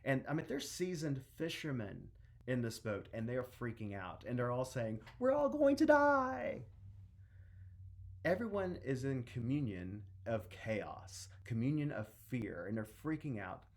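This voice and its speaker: A man's voice: mid-range voice, expressive, moderate pace, darkish tone. A middle-aged man preaching a sermon as a minister, talking conversationally with restarts and acting out the people in a story.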